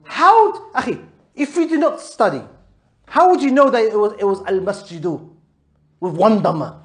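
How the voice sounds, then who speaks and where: A man with a high voice leads an Arabic grammar lesson in a classroom. He quizzes his students patiently with repeated questions and mixes English with Arabic terms. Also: expressive, moderate pace. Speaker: Arabic teacher.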